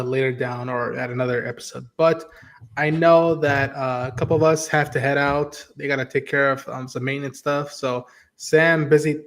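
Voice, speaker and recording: A man hosting a podcast livestream, talking casually and animatedly, swearing and acting out characters' lines as he recaps. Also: mid-range voice. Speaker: podcast host. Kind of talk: casual livestream talk about an episode.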